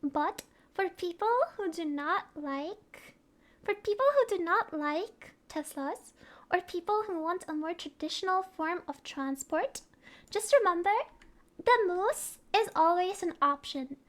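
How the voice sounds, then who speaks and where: Very high-voiced playful woman. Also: a little slow. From Norway. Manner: playful, mock-serious, giggly. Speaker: vtuber streamer. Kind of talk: comedic explainer.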